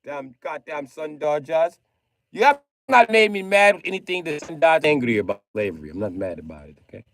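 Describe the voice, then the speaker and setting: A man ranting on a casual livestream, profane and loud, breaking into high mock pleading. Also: expressive, fast, dry recording.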